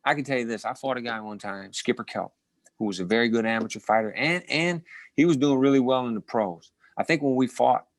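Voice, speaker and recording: In a relaxed interview, a middle-aged man who once held a boxing title shares career stories at a fairly quick clip. His voice is mid-range and the recording has no room sound. He tells them with energy, full of false starts, repeated words and brief laughter.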